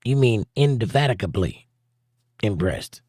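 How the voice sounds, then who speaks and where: A man's voice: on the low side, lively intonation, unhurried, a little mellow, no room sound, studio quality. A man hosting a casual live stream, reading viewer comments aloud and joking back at them. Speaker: livestream host.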